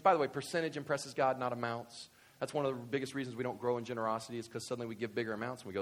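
Animated man preaching a sermon. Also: mid-range voice, racing. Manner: animated, swings from quiet to loud excited bursts. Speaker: pastor.

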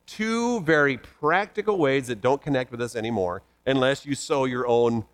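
A man preaching a sermon, reading scripture passages aloud and commenting on them with animated emphasis. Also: medium pitch, moderate pace. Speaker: pastor.

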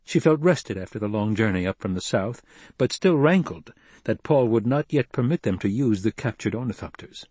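A man narrating an audiobook in a measured, even delivery. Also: lowish voice, breathy edge, no echo.

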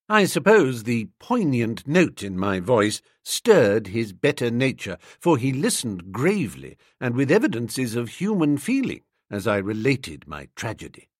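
Husky-voiced male audiobook narrator. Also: medium pitch, sing-song, unhurried, hardly any pauses, no echo, studio quality. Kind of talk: scripted first-person narration.

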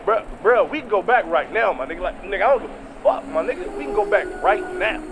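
A man's voice: high voice, very animated, fast. A frantic young guy from the street, cursing, voice cracking, traffic noise behind. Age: young adult. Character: agitated young man worn out from street life.

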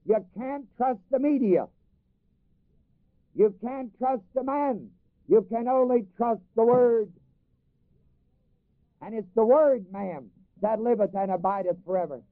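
High-voiced preacher on a tinny line. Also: male voice, slow pace, pauses often, dry recording. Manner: reads scripture in old King James wording, then explains it to the congregation; repeats phrases for emphasis and asks the audience to finish lines. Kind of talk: sermon. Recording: dry, phone-like recording.

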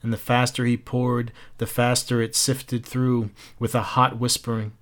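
A man's voice: mid-range voice, level tone, unhurried, a bit bright. A man narrating a novel aloud in an unpolished reading that corrects its own slips. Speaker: reader. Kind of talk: audiobook narration.

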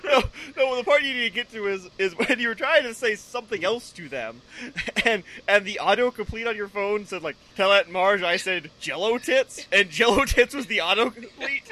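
High, bright man joking casually. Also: expressive, a little fast. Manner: joking, chiming in with teasing remarks. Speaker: podcast co-host. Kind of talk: casual chat.

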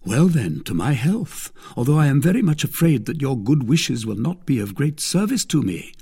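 A young, impetuous musketeer, voiced by a male reader in an audiobook. He speaks urgently and with agitation, his voice rough and husky. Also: medium pitch, very animated, normal speed, mellow, voice pushed up, exaggerated voice.

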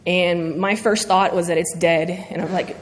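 A woman's voice: lowish voice, steady tone, a little hiss or hum. Earnest woman in a reverberant hall. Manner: earnest, halting, emotional, with pauses and fillers. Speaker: church member giving testimony. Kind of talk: personal faith testimony. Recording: long reverb of a large hall.

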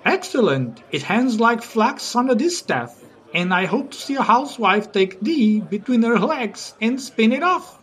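A man voices a mocking, rowdy knight in a very high, raised, teasing voice, pitched above his own and heavily acted. His delivery is very animated, a little slow, and fairly bright in tone.

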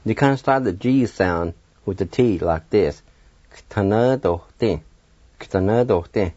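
A man's voice: low-pitched, expressive, normal speed, a little mellow, no echo. A man teaching a radio language lesson, patiently spelling words letter by letter and encouraging learners. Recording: dull, dry lo-fi radio sound.

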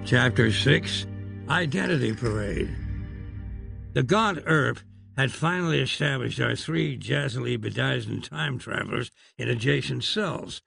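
A man's voice: mid-range voice, vocal fry, a bit bright, slightly rough. A man narrating an audiobook in a wry, dryly amused manner.

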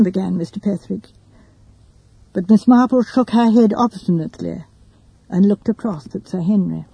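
A woman's voice: medium pitch, moderate pace, gravelly, pauses often, dark tone, slightly rough, no echo, low-quality recording. A woman narrating a mystery story, giving the characters their own voices. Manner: gives characters distinct voices. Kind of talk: reading a mystery story aloud.

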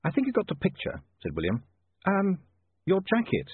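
Fussy, formal vampire photographer, read by a man, lively and bright-pitched, husky, tinny. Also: normal speed, no room sound, full character voice. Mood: unruffled. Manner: stiff formal phrasing.

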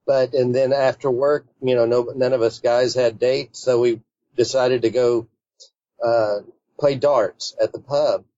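A man with a mellow, dark voice tells a personal story in a loose, rambling way, often circling back with fillers and restarts. The sound is dry and a little dull, with a lo-fi edge. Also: medium pitch, fairly even intonation, unhurried, dry recording. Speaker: interview guest. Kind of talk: casual storytelling.

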